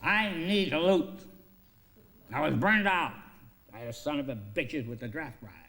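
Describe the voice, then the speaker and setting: A man's voice: a little high, measured pace, pushed and bright, a little hiss or hum. A man acting out a greedy, cynical male war profiteer who talks bluntly and profanely.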